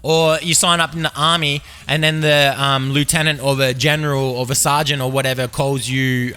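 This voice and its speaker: A man's voice: medium pitch, flat delivery, moderate pace, few pauses, pushed and bright, smooth. A man with an Australian accent hosting a podcast, rambling through absurd tangents with lots of fillers. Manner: absurd, meandering, filler-heavy. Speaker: podcast host. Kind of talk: rambling comedic monologue.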